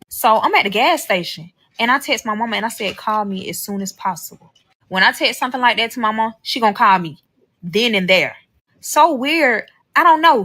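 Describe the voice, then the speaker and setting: A woman's voice: mid-range voice, sharp tone. A young woman telling a personal story from a social media clip, blunt and swearing freely. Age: young adult. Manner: blunt and heavy on cursing. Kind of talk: casual storytelling.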